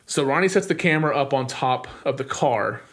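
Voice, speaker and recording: A young adult man co-hosting a podcast, retelling a film's plot in casual chat, full of "like" fillers and quick acted-out lines. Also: mid-range voice, fairly bright tone. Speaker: podcast co-host. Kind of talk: casual movie recap.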